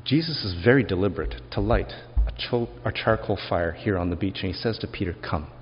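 A man's voice: low-pitched, a little fast, faint music behind. A male pastor preaching a sermon in a reflective, conversational way, asking the congregation rhetorical questions. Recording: dull lo-fi sermon recording with long hall reverb.

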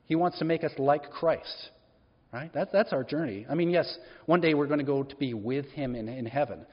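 A man's voice: on the high side, moderate pace, slightly rough. A man preaching a sermon in a church, talking in a conversational way and asking the congregation questions as he goes. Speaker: pastor. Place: church hall. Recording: echoey hall, dull lo-fi sound.

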